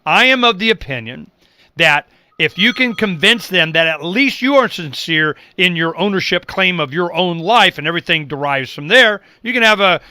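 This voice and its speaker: A man's voice: high voice, lively intonation, moderate pace, bright, forceful tone, smooth, no echo. A middle-aged man hosting a political talk show, speaking emphatically and acting out the people he quotes. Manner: emphatic, acts out quoted people, repeats words when worked up.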